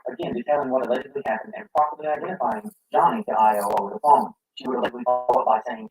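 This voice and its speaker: A man's voice: medium pitch, big pitch swings, racing, vocal fry, hardly any pauses, a little mellow, a little hiss or hum, low-quality recording. A man reading scripted commentary and building his case through rhetorical questions. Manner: argumentative, poses rhetorical questions. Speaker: commentary narrator.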